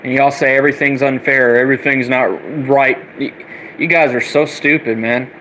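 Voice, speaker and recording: A man's voice: mid-range voice, fairly even intonation, moderate pace, fairly bright tone, a little hiss or hum, poor audio. A young man ranting angrily and profanely, repeating himself as he goes. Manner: heated, profane, repetitive ranting. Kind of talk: angry political rant vlog.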